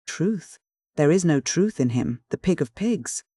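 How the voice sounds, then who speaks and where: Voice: medium pitch, expressive, unhurried, warm tone, breathy edge, no room sound, studio quality. A narrator voicing a fiery, scornful young Peruvian noblewoman in an audiobook, delivered as a fierce tirade. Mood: scornful fury.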